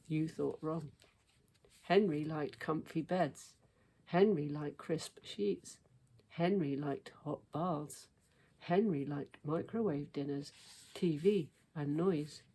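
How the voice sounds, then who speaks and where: A woman reads a children's storybook aloud with expressive, measured delivery. Her voice sits low and she moves along at an unhurried pace.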